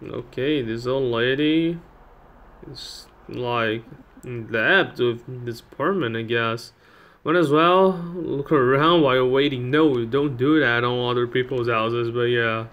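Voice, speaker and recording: A man's voice: mid-range voice, slow, dull audio. A man giving casual, joking commentary while playing a game, chatting to viewers and laughing at it. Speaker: gameplay channel host. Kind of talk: casual let's-play commentary.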